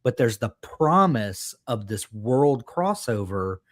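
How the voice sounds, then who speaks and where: A man co-hosting a casual book chat, thinking aloud in a rambling way with many pauses. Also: mid-range voice, big pitch swings. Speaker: podcast co-host.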